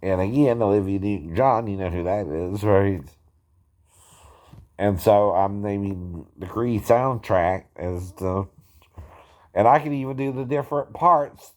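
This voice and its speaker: A man's voice: fairly low pitch, a little slow. Man who caps every phrase with "right?". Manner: ends nearly every phrase with a questioning "right?"; chuckles often, a bit self-conscious. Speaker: amateur impersonator explaining singing impressions. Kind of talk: casual talking-head chat.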